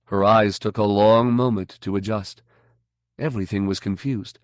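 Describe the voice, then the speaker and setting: Male audiobook narrator, measured and even, lowish voice. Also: no room sound, clean studio sound. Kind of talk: scripted narration.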